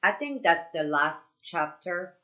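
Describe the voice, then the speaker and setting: A woman's voice: on the low side, lively intonation, takes it slowly, pushed and bright, highs cut off. A young woman from France with a French accent, chatting casually on a live stream as she works through a coding puzzle. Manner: apologetic, chatty, talks through each step.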